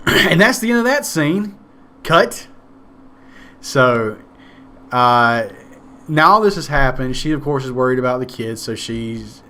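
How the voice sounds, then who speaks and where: A man's voice: mid-range voice, bright, forceful tone, a little hiss or hum. A man casually recapping a movie, rambling, sarcastic and swearing now and then. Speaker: movie reviewer.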